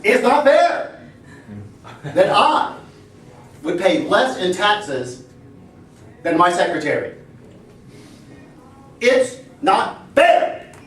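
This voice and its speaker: A man's voice: sits high, sing-song, drawn-out words, long pauses, a bit bright, pitched above the performer's own voice, exaggerated voice. A man doing an impression of a president declaring a point emphatically. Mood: emphatic. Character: impression of a stern male president making a point. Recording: echoey room, far mic.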